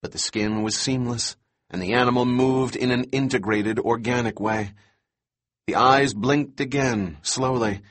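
Husky male audiobook narrator. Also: medium pitch, steady tone, unhurried. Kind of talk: scripted narration.

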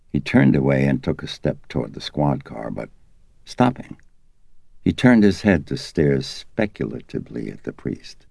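A man reading an audiobook in measured, expressive scripted narration, close to the mic. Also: rumbling low, creaky, husky, dry recording.

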